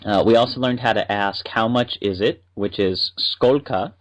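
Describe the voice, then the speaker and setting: A man's voice: fairly low pitch, normal speed, rough recording. A man co-hosting a podcast, chatting and explaining at length. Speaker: podcast co-host. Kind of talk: casual podcast chat.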